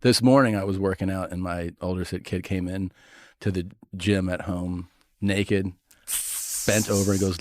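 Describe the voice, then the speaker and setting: A man's voice: on the low side, big pitch swings, moderate pace, a bit bright. A man as a talk show guest telling a funny story about his kids, laughing as he goes. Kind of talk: casual anecdote.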